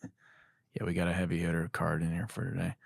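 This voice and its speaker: A man's voice: sits low, completely flat delivery, brisk, gravelly, no echo, clean studio sound. A man hosting a podcast, telling stories in a loose, joking, profane style. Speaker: podcast host. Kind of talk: casual comedic monologue.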